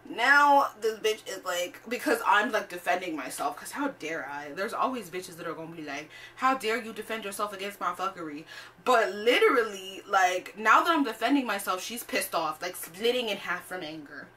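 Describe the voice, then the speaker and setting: Sassy, bright-voiced woman ranting. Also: mid-range voice, animated, normal speed, few pauses, recorded from a distance, slight background noise. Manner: blunt, profane, sassy, filler-heavy. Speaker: vlogger. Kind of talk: casual storytime rant.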